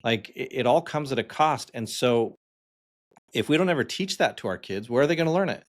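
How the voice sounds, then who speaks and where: A man's voice: medium pitch, expressive, fairly quick. Chatty man telling stories, laughing often. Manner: storytelling with frequent laughs and fillers. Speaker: podcast co-host. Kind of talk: casual podcast chat.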